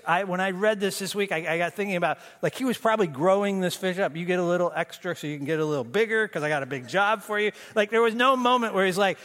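A middle-aged pastor preaching a sermon in a conversational way, with self-deprecating humor, acting out the voices of the story. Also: male voice, fairly high pitch, brisk, fairly bright tone. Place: church sanctuary. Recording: long hall reverb.

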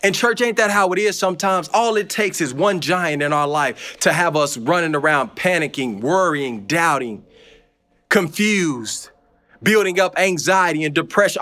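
A man's voice: a little high, pushed and bright. A man preaching a sermon in a conversational, encouraging way with playful asides.

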